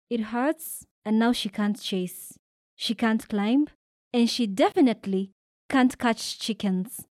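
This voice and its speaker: Animated woman reading a children's story. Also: on the high side, slow pace, no room sound, studio quality. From Kenya. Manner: lively, animated voices for characters' shouts. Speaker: storybook reader. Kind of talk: expressive read-aloud storytelling.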